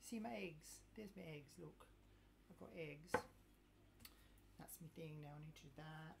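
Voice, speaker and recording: A woman's voice: low-pitched, measured pace, gravelly, pauses often, heavy background noise. A woman hosting a casual live cooking stream, chatting and joking with viewers in a self-mocking way. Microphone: clip mic, sometimes moved.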